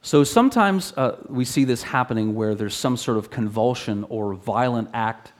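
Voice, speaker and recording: A man preaching an expository sermon in an earnest teaching manner, often restarting phrases and rising in pitch when he reads scripture aloud. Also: expressive, moderate pace.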